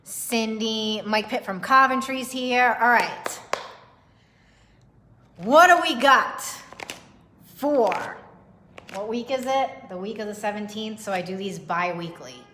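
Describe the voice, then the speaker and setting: A woman's voice: on the high side, takes it slowly, long pauses, sharp tone, slight background noise. A young woman giving a casual livestream tarot reading, chatty and profane, laughing often and greeting viewers by name. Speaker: tarot reader.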